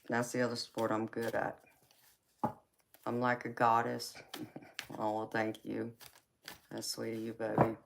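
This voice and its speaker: A woman's voice: a bass voice, monotone, measured pace, creaky, long pauses, slight background noise. A middle-aged woman with a Southern US accent, hosting a casual live chat and calling viewers "baby" affectionately. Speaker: tarot reader and livestream host.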